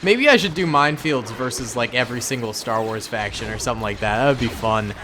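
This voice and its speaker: A man giving casual, excitable commentary on a battle simulation game, gleeful with frequent exclamations. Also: medium pitch, fast, a little hiss or hum. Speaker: gameplay commentator.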